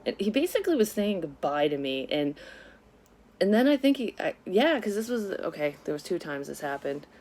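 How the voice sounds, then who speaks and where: A woman's voice: on the low side, big pitch swings, moderate pace, darkish tone. A woman vlogger candidly telling a personal story in a casual, rambling way, with lots of swearing and frequent self-corrections. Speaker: psychic medium vlogger.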